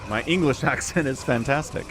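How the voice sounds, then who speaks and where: A man's voice: medium pitch, brisk, fairly bright tone, faint music behind. An American man giving casual, joking livestream commentary on a strategy game and chatting with viewers. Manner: chatty, joking, reads chat aloud.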